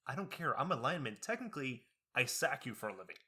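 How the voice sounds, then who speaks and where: Young male podcast co-host with a bright voice; animated storyteller who acts out quotes. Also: medium pitch, fast. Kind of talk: casual chat.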